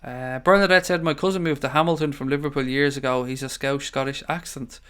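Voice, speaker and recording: Reading out comments on his late-night live stream, this man from Ireland chats loosely and keeps calling viewers mate. He sounds smooth, clear and a bit bright, with a steady tone at a middle pitch, fairly quick pace and a hint of tiredness.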